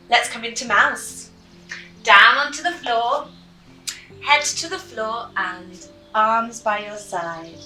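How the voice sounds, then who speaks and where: A woman leading a children's yoga class through a story, with gentle, encouraging instructions. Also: fairly high pitch, takes it slowly. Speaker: kids yoga teacher. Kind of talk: guided kids yoga with storytelling. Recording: roomy, mic at a distance, soft music.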